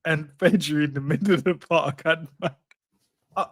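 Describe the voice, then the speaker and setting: A man's voice: fairly high pitch, steady tone, normal speed. A young man co-hosting a casual football chat, slangy and rambling, laughing often. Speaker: football podcast co-host.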